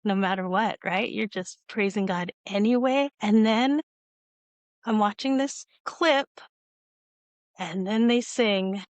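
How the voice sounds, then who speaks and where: A woman's voice: medium pitch, slow pace, dry recording. A woman hosting a video-call interview, telling a long personal story in a rambling, tearful way with frequent laughs. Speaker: host. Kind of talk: emotional conversational storytelling.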